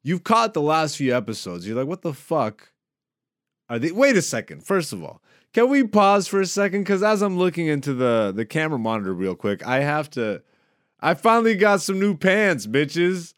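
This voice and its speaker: A man hosting a casual comedy podcast, laughing, swearing and joking, high and relaxed. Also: normal speed, no room sound, studio quality. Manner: animated, swearing, laughing a lot. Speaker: podcast host.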